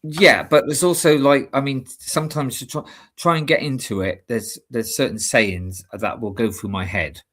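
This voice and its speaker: A man's voice: medium pitch, steady tone, moderate pace, hardly any pauses, a bit bright. A man from Britain co-hosting a livestream, chatting casually and rambling with lots of fillers. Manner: rambling, hesitant with many fillers. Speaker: livestream co-host. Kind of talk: casual chat.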